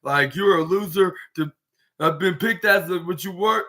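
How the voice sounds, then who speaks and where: A man's voice: sits high, moderate pace, sharp tone. A man hosting a podcast, recapping wrestling in a rambling, casual way full of "like" and restarts, acting out what the wrestlers said. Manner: rambling, heavy use of "like" and restarts, acts out quotes. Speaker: podcast host.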